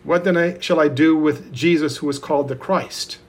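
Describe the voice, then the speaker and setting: A man reading the lines of a troubled Roman governor in a husky, fairly high voice, with earnest questioning. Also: steady tone, moderate pace, close to an everyday voice. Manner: earnest read-aloud questioning.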